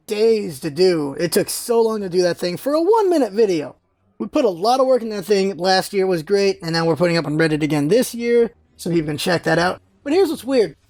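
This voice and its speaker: An American vlogger talking casually and rambling, jumping high in pitch when exasperated. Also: a little mellow, no room sound. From United States. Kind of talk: casual opinion vlog.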